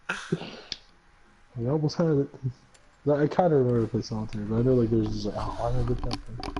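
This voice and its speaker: A man's voice: mid-range voice, steady tone, moderate pace, pauses often, mellow, husky. A young man chatting casually over a card game, rambling with lots of fillers and frequent laughs. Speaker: gaming video host. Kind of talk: casual gameplay chat. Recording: dull lo-fi mic with faint noise.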